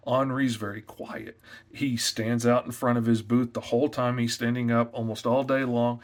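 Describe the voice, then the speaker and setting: A comic artist, a man, giving sales tips in a loud, energetic, chatty way. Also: medium pitch, moderate pace. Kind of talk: casual tips talk to camera.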